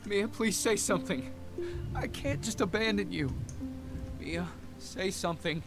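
A man's voice: high-pitched, measured pace, over music. An actor playing a stranded young man in a video game, calling for help over the radio in pleading, panicked bursts. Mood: desperate.

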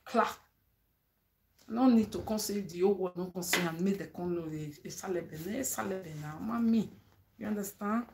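Amid background noise, a woman with a creaky, mid-range voice and moderate pace delivers an advice monologue to her viewers as a vlogger. Her Nigerian accent carries an emphatic, preachy tone, she mixes Pidgin into her English, and she asks "eh?" to draw agreement.

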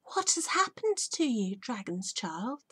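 A woman's voice: medium pitch, animated, measured pace, dry recording. A woman reading aloud as a clever, chatty female bird in a storybook. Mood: exclaiming. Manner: bright, exclaiming.

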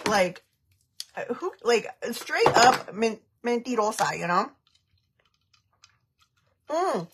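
A woman's voice: fairly high pitch, sing-song, slow, very noisy. A woman in her thirties chatting casually on a makeup livestream, giggling often and reading viewer comments aloud. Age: 30s.

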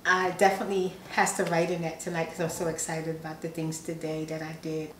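A woman with a deep voice talks fairly quickly in an echoey room, and the low-quality recording carries a little hiss or hum. She's an ASMR vlogger reading fan messages aloud, sounding sleepy as she chats casually, giggles often and teases herself.

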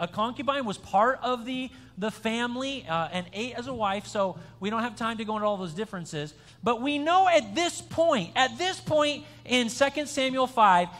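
A man's voice: very high voice, a bit bright. A male pastor giving a conversational sermon in a church, chatty and joking as he quizzes the young people. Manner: chatty, joking, with frequent restarts. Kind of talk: conversational sermon with an interactive quiz. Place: church sanctuary. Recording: long church-hall reverb.

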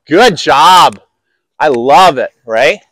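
A man's voice: a little high, lively intonation, very slow, a bit bright. A man coaching tennis on an outdoor court, upbeat and encouraging with enthusiastic praise.

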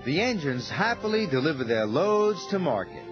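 A man narrating a children's story in a slow, gentle and expressive scripted style. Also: on the high side. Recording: slightly dull TV audio. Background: music.

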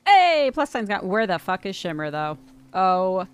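A woman streaming a video game live, cursing at her companions and laughing, sometimes shouting in panic. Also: medium pitch, sing-song, unhurried, smooth, no room sound. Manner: swearing, exasperated, laughing; shouts in panic at tense moments. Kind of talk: live gameplay commentary.

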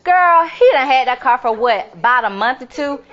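Sassy teasing woman, played by an actress, high lively voice, dull sound. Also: normal speed. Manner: teasing, folksy talk. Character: sassy gossiping woman on the couch. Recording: dull lo-fi film audio.

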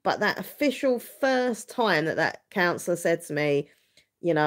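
A woman's voice: medium pitch, big pitch swings, unhurried. A woman in her thirties chatting openly on a livestream, rambling with frequent restarts. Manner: rambling, frequent restarts and fillers, open and earnest. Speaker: vlogger hosting a livestream. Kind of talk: casual livestream chat.

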